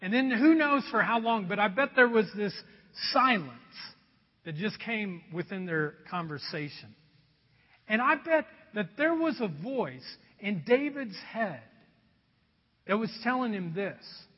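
A high-voiced man preaching with a lively, swooping delivery. His voice is a little husky, and it rings with a long reverb as if he is in a big hall. The sound is slightly dull and lo-fi. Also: measured pace. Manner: animated, conversational preaching with acted-out voices. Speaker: pastor. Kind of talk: sermon.

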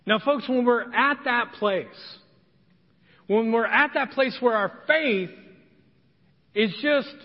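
A man's voice: extremely high pitch, slow, pauses often. A man preaching a sermon as pastor, dramatic, acting out the voices of the people in his story. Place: church sanctuary. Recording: dull, long church reverb.

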